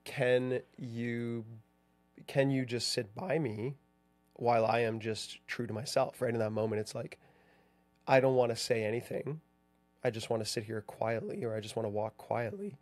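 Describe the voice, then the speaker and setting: A man's voice: medium pitch, moderate pace, soft background music. A man co-hosting a podcast about marriage, speaking earnestly in casual conversation and often asking "right?". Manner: earnest, ends points with "right?". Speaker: podcast co-host.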